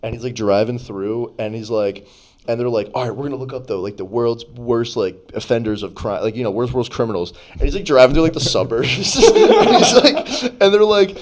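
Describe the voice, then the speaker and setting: A man's voice: mid-range voice, moderate pace. A young man co-hosting a casual podcast chat, telling stories with lots of energy. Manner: animated storytelling with put-on voices. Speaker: podcast co-host.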